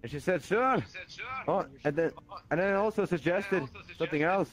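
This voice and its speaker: A man's voice: sits high, normal speed, close to an everyday voice. A man voicing a crude, bumbling male leprechaun stand-up comic who stumbles and repeats himself, over voice chat with music behind.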